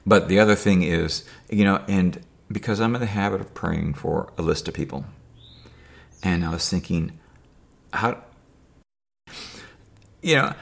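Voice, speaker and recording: A man's voice: deep voice, vocal fry. A man talking to camera in a rambling personal monologue, with dry sarcastic humor and many fillers and restarts. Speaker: video diarist.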